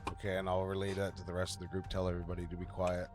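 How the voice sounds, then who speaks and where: A man's voice: low voice, monotone, racing, music in the background. A man playing a tabletop game, talking plainly about his character's actions. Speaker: player. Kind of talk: casual tabletop play.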